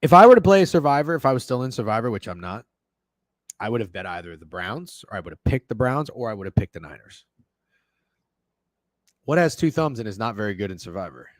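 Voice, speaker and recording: A man's voice: on the low side, very animated, fairly quick, long pauses, no echo. A man hosting a sports betting show, ranting in casual, profane chat and answering messages from viewers. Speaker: sports betting podcast host.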